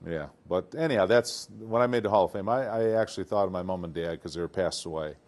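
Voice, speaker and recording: An older man from Detroit, a retired football player, telling stories in a casual interview, animated and acting out what people said. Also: sits low, quick pace. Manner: animated, acts out quotes, laughs often.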